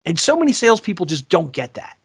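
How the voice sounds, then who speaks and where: A man co-hosting a podcast, telling sales stories in a casual, animated way and acting out the people he quotes. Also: high voice, fast, gravelly, breathy edge, no room sound, clean studio sound. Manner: animated, acts out quoted voices. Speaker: podcast co-host. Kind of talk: casual storytelling chat.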